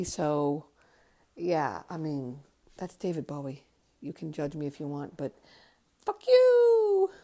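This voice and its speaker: A deep, dark-toned voice belongs to this tired podcast host, a woman in her fifties from Connecticut. She tells her life stories casually, rambling, thinking out loud, and swearing freely.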